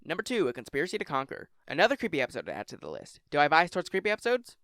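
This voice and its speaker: A man's voice: a little high, huge pitch swings, rapid-fire, bright, forceful tone, soft background music. A young man hosting a casual countdown video, rambling and jokey, swearing now and then. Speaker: YouTube list host.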